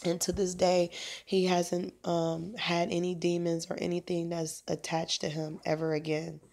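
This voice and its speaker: A woman's voice: lowish voice, little pitch movement, normal speed, creaky, a little mellow. A woman talking casually on a phone livestream as a prayer minister, meandering with lots of fillers and asides.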